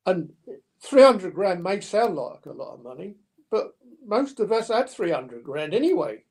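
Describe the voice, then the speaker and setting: An older man telling stories in an interview, lively and anecdotal, acting out the dialogue. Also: sits high, measured pace, husky. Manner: anecdotal, animated, with mimicked dialogue. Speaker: podcast guest. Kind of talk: storytelling interview.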